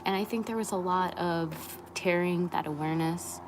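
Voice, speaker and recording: A young woman, a spiritual wellness creator, talking candidly on a live stream in a soft, often half-whispered, rambling way. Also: lowish voice, normal speed, background noise.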